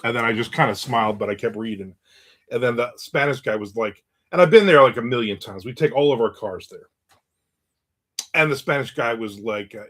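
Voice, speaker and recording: A man hosting his own stream in a casual, talkative way. His pitch sits in an ordinary middle range, and he drifts through a long anecdote full of asides. He also reads viewer comments aloud and reacts to them loosely. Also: a little fast, a bit bright. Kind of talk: casual chat and storytelling.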